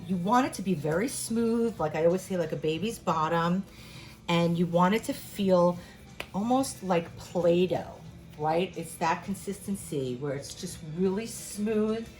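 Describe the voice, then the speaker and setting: Lowish-voiced woman chef rambling through a home cooking demo, chatty, lots of you know. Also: a little mellow. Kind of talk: casual home cooking demonstration. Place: home kitchen.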